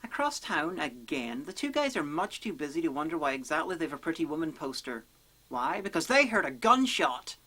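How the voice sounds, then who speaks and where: A woman narrating a comedic film review in a sarcastic, deadpan, profane manner. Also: deep voice, brisk, faint music behind.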